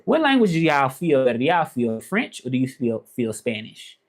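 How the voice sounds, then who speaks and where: A man chatting casually on a live stream, relaxed and rambling, often asking "you know what I'm saying". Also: mid-range voice, moderate pace.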